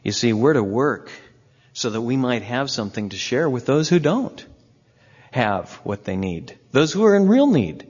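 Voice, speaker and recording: Male pastor preaching, earnest, climbs loud then goes quiet, muffled echoey church sound. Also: very animated, moderate pace, slightly rough. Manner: earnest preaching, rising to emphatic peaks then dropping low and soft. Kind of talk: sermon. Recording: muffled long-reverb hall sound.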